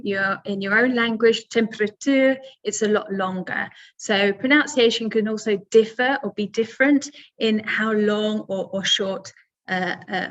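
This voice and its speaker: A woman's voice: medium pitch, a bit bright, dull audio. A woman teaching English pronunciation in a webinar, patient and step by step, with many fillers. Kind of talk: webinar lesson.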